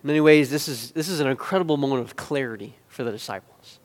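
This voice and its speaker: A man preaching a sermon, building from quiet explanation to loud, emphatic peaks and back to hushed asides. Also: medium pitch, fast, long reverb tail. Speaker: pastor.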